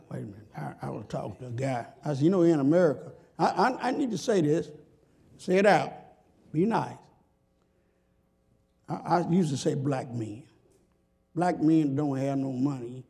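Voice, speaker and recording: With a husky voice, a man preaches a folksy, emphatic sermon, shifting between shouts and low murmurs. When he quotes others, he acts their voices out in a high pitch.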